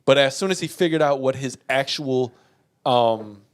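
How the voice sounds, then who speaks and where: Man, podcast co-host, casual chat, swears a lot, laughs often, mid pitch. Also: normal speed. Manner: laughing, profane storytelling with quoted voices.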